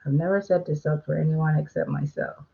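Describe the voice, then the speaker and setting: A woman with a low, steady voice hosts a casual livestream, talking fairly quickly as she chats with viewers and reads their questions aloud, often using fillers. Her tone is gravelly yet mellow, and the recording has its highs cut off.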